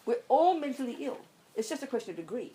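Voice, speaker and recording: A woman's voice: sits high, big pitch swings, fast, mellow, rough recording. A woman, a Buddhist nun, giving an emphatic, blunt dharma talk to a group. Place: meditation centre hall.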